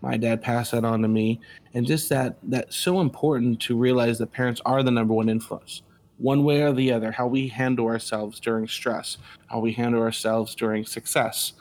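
Middle-aged dad guest, earnest, chatty, lots of restarts, normal mid voice. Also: male voice, mid-range voice, steady tone, normal speed, a little mellow. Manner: earnest, restarts often, acts out quotes. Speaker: guest, father. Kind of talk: casual storytelling.

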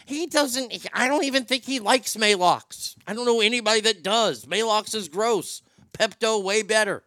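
A man's voice: high-pitched, normal speed, pushed and bright, no echo, clean studio sound. A man hosting an irreverent comedy show, rambling and swearing freely with crude jokes. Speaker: host.

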